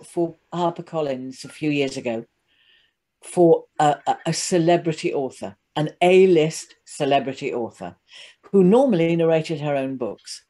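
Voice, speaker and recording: British woman, narrator and coach, low voice, chatty with playful asides. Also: mellow. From United Kingdom. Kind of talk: casual chat.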